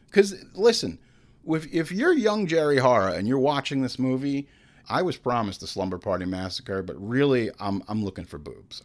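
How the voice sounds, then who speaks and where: A man's voice: medium pitch, normal speed. A man hosting a horror movie podcast, talking casually and crudely with lots of jokes, then reading ads. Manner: animated, crude, joking.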